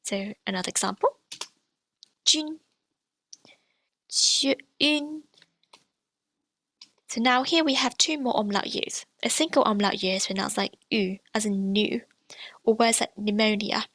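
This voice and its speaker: A woman teaching pronunciation, explaining sounds clearly and repeating each example slowly. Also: mid-range voice, a bit bright, dry recording. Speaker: language teacher.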